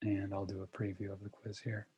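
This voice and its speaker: A man's voice: low voice, monotone, brisk, warm tone, slightly rough, muffled recording. A man leading an online course review session, patient and encouraging, checking in often with "okay?" and "right?" over a computer mic. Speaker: course instructor.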